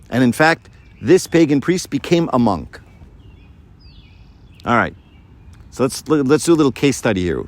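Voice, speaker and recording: Guy preaching to a crowd, keeps firing questions, mid pitch. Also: a little slow, pauses often, dry recording. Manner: lively, full of rhetorical questions. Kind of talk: sermon to a live audience.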